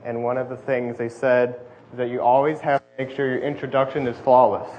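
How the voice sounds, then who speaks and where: Fast-talking young man preaching. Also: mid-range voice, flat delivery. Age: young adult. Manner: fast-talking, self-deprecating. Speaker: student preacher. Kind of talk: sermon. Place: church hall with air conditioning. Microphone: lapel mic. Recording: dull lo-fi audio with faint hum. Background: faint air conditioning hum.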